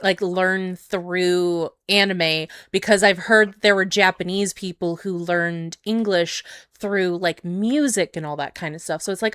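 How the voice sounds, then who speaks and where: Smooth-voiced woman host, rambling. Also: lowish voice, steady tone, a little slow, a bit bright, dry recording, studio quality. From Canada. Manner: rambling, many fillers. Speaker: podcast host. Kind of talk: casual chat over a call.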